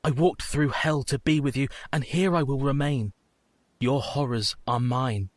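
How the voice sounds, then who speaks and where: Rich: A man plays a shaken but loyal young husband in a radio play, earnest and emotional. His mid-pitched voice is recorded dry and close. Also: measured pace, no room sound, close to an everyday voice. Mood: tender. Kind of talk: community radio play acting.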